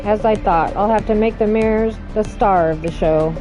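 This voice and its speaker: A woman reads out a mystery game's dialogue, shifting her voice for each character. Her reading is dramatic. Game music plays clearly behind her. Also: mid-range voice, normal speed. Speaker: let's play narrator reading all characters.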